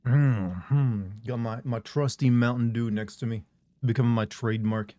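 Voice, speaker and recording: A man's voice: medium pitch, fairly even intonation, moderate pace, warm tone, no room sound. A man streaming a game, chatting casually and rambling as he reads and answers chat messages.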